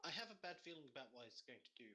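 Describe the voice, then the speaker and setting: A man's voice: on the high side, lively intonation, very fast, bright, forceful tone. A man playing a tabletop role-playing game, talking bluntly and dramatically, often swearing. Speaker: player.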